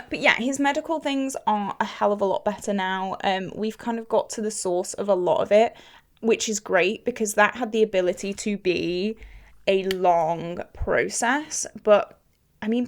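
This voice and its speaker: A young woman chatting casually to the camera while doing her makeup, telling a story in an animated, exclamatory way. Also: medium pitch, moderate pace. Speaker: beauty vlogger.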